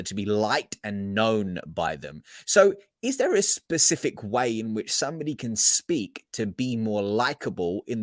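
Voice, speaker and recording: A man's voice: mid-range voice, dry recording, studio quality. A man hosting a podcast interview, enthusiastic and talking straight to his listeners. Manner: enthusiastic, addresses listeners directly. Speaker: podcast host. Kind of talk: conversational interview.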